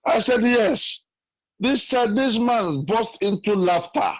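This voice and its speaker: Nigerian guy calling in on the phone, earnest, keeps repeating himself, slightly high voice. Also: takes it slowly, no echo, rough recording. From Nigeria (Imo State). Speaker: caller. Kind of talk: call-in testimony, storytelling. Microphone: phone call.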